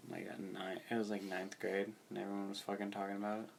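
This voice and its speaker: Laid-back young man with a gravelly low voice. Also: completely flat delivery, fast, a little hiss or hum. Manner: laid-back, distracted, swearing. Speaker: podcast co-host. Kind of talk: casual chat.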